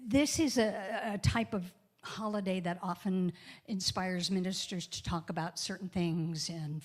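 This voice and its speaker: A woman's voice: medium pitch, a little mellow. A woman speaking as a guest minister in a church, giving a chatty, joking sermon and spelling words out letter by letter. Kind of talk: casual sermon.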